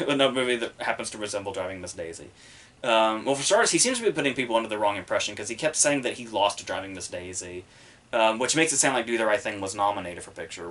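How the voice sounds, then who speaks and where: A man with a fairly low voice talks through his podcast in loose, unscripted commentary. He rambles, swears freely and leans on fillers. A faint hiss and the odd click sit under his voice. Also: fairly bright tone. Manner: rambling and profane, heavy on fillers. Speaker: podcast host reviewing the Oscars. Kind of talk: casual solo commentary.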